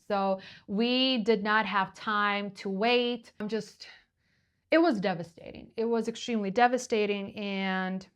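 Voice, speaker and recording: A woman's voice: medium pitch, fairly bright tone, clear, resonant tone. A woman photographer retelling a stressful shoot to camera, acting out the dialogue and restarting her sentences. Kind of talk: storytelling to camera.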